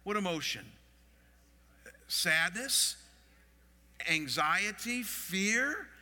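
Middle-aged male pastor, high and very bright, preaching to the room in a long hall reverb. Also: extremely slow. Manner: expressive, asks the audience questions. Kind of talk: sermon.

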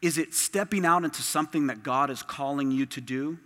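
A man's voice: on the high side, fairly quick, sharp tone. A man preaching a sermon as pastor, emphatic and impassioned, with lots of repetition. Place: church sanctuary. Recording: long reverb of a large hall.

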